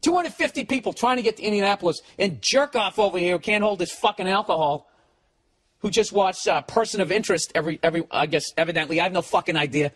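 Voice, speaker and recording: Brief: comedian in a mocking, cursing rant, fairly high voice, lively delivery. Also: male voice, fast. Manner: animated, swearing constantly, mocking. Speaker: comedian and podcast host. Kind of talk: profane comic storytelling rant.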